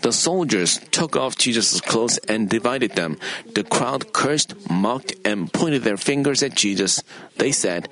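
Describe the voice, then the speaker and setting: A man preaching an earnest sermon in a measured way, quoting scripture to his congregation. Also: mid-range voice, expressive, fairly bright tone, rough recording.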